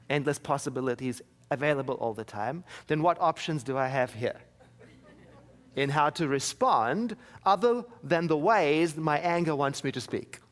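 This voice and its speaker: A man giving a sermon as minister, telling personal stories with wry, self-mocking humor. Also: fairly high pitch. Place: church.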